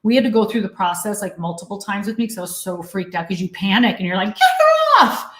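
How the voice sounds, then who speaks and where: A woman actress as an interview guest, chatting casually and telling lively stories. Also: medium pitch, fast talker. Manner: animated storyteller, acts out quotes. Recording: roomy echo.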